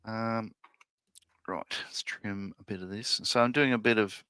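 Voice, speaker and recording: A man's voice: fairly low pitch, fairly even intonation, measured pace, sharp tone, smooth, no room sound. A man, co-hosting a live scale-modelling stream, chatting casually, thinking aloud and reading viewer comments. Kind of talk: casual live-stream chat while building.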